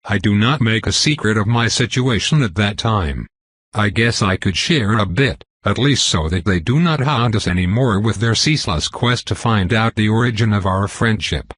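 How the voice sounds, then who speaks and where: A man reading a first-person novel aloud in a measured, even way. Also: on the low side, breathy edge, no room sound. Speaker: audiobook reader.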